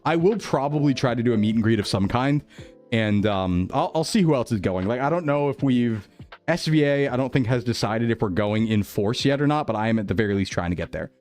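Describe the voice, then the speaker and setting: A man chatting casually on a live stream, excitable and gushing with thanks, often breaking into laughter. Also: mid-range voice, brisk, soft background music.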